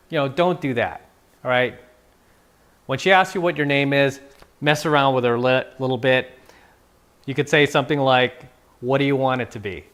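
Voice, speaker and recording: A man from San Francisco works as a dating coach, offering casual, playful advice in an easygoing instructional way and sometimes acting out quoted lines. His voice is medium in pitch with a fairly bright tone.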